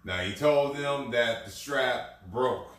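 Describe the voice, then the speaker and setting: A man's voice: medium pitch, slow, a bit bright. A man hosting a casual talk show, telling a long rambling workplace story with many restarts. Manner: rambling anecdotal delivery with restarts. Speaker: podcast host. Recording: echoey room, distant from mic.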